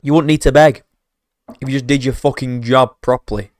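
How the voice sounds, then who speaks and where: A man's voice: mid-range voice, fairly even intonation, brisk, a little hiss or hum. A man giving profane, mocking reaction commentary as an MMA commentator, ranting sarcastically.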